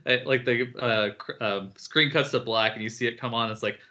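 A man's voice: medium pitch, moderate pace, lo-fi sound. A man co-hosting a podcast in casual chat, telling stories loosely with many "like" and "um" fillers. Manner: relaxed storytelling, frequent "like" and "um". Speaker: podcast co-host.

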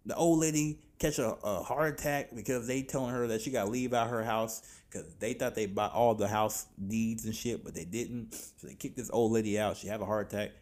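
A man hosting a podcast, giving a casual, animated film review full of slang and exasperated swearing. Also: on the low side, fairly quick, hardly any pauses, slight background noise. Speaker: podcast host reviewing films.

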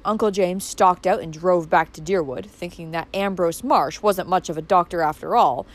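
A woman's voice: on the low side, moderate pace. A woman narrating a classic novel as an audiobook, reading expressively. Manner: expressive, wide-ranging delivery.

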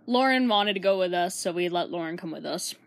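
A woman's voice: on the low side, expressive, brisk, dry recording. A young woman chatting casually as a podcast co-host, laughing often and sometimes losing her thread. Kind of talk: casual chat.

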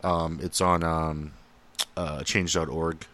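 A man's voice: a bass voice, level tone, takes it slowly, fairly bright tone. A man from Minnesota co-hosting a casual podcast, rambling and profane, laughing often and filling gaps with "uh" and "um". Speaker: podcast co-host. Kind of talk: casual chat.

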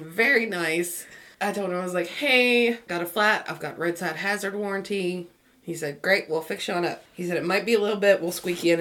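A woman from West Virginia, co-hosting a podcast and telling a story in animated casual chat, acting out the voices of the people involved. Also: lowish voice. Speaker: podcast co-host.

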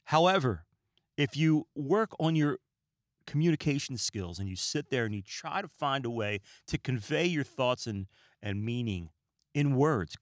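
A man hosting a podcast, talking in a calm, relaxed, rambling way and often stumbling over his words, recorded in a small room lined with books. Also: mid-range voice, measured pace, dry recording, clean studio sound. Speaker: podcast host. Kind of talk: casual podcast monologue.

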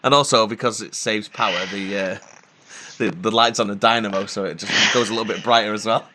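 A man co-hosting a casual podcast, talking in a halting, quizzical way and repeating words as he goes. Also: fairly low pitch, fairly even intonation, pushed and bright, slight background noise. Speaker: podcast co-host.

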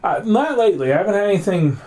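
Man, casual storytelling, high voice, very lively pitch, acts out quotes, crowd noise behind. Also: rapid-fire. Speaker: storyteller guest. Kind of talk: casual chat.

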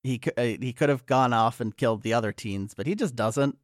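A man's voice: mid-range voice, fairly quick, dry recording, clean studio sound. Casual man recapping a movie. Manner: recounts scenes with fillers and restarts. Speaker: podcast co-host.

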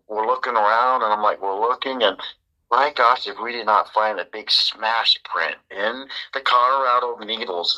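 A man, a podcast guest, telling a story in a casual, animated way and acting out the dialogue. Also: fairly low pitch, lo-fi sound. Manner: animated, acts out quoted dialogue.

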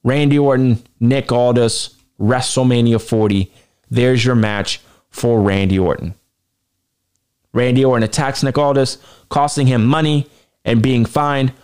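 A male podcast host talking solo in a casual, animated way. He swears freely and speaks with self-assured confidence. His voice sits at an ordinary middle pitch. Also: measured pace, clean tone.

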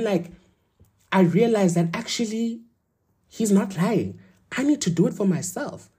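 A woman's voice: lowish voice, mellow, husky. A young woman giving a blunt, emphatic motivational talk, repeating her points and swearing for force. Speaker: motivational vlogger.

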